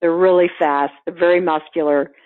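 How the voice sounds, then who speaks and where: An American woman guest, a composer and conductor, telling lively stories and acting out the people she quotes. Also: lowish voice, normal speed, dry recording. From United States. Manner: lively, laughing often, acts out quoted people. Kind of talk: animated storytelling in an interview. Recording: tinny phone-line sound, dry.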